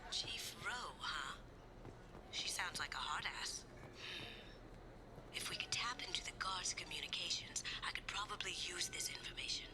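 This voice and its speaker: A woman's voice: fairly low pitch, moderate pace, over music, lightly acted. A woman voicing a sly, whispering thief. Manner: cool, quietly teasing, often whispered. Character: sly young female master thief. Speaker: game character.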